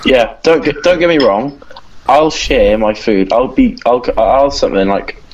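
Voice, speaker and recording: A man's voice: medium pitch, measured pace. A man chatting on a podcast, often restarting his sentences and putting on voices for the people in his stories. His recording sounds a little dull and lo-fi. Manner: stumbling restarts, acts out quoted voices. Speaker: podcast co-host. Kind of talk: casual chat.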